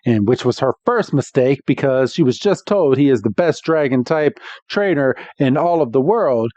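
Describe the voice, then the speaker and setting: Casual guy recapping an episode, slips into squeaky character bits, dull close mic. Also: expressive, a little mellow, no echo. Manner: retells scenes with quick high-pitched impressions of the characters. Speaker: podcast co-host recapping an episode.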